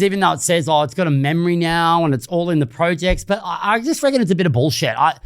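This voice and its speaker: A man with an Australian accent hosting an unscripted solo podcast, talking casually and bluntly, with some swearing. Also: a little high. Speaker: podcast host.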